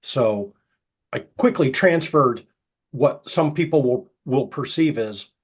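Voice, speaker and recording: Husky-voiced middle-aged guy, mid pitch, telling hypnotist stories and acting out the dialogue. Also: expressive. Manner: tells anecdotes by acting out quoted dialogue; drops to a soft, slow suggestion voice when quoting hypnosis. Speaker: hypnotist guest. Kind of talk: casual storytelling interview.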